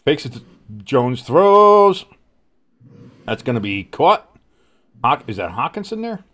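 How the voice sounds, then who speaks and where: A man hosting a live football stream, calling play-by-play in a rambling, excitable, casually profane way. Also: medium pitch, slow pace. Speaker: host.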